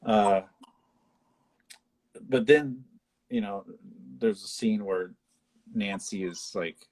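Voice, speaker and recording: A husky, slightly low-voiced man co-hosts a casual live chat about a film. He retells scenes with enthusiasm and jumps into squeaky voices to mimic characters. His delivery is loose, with frequent laughs and restarts. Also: slow. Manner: animated retelling, acts out lines in high voices. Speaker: podcast co-host.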